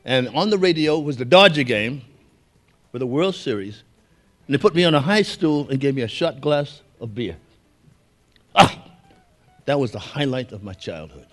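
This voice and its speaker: A man's voice: medium pitch, animated, normal speed, long pauses, a bit bright, soft background music. Older man telling folksy stories. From Brooklyn, New York. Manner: folksy, anecdotal, chuckles with the audience. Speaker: keynote speaker. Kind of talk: storytelling speech.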